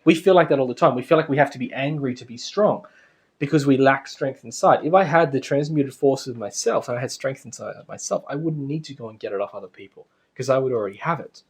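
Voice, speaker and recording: A man's voice: mid-range voice, quick pace, slightly rough. A man giving a casual spiritual lecture to a class, chatty and anecdotal, often laughing.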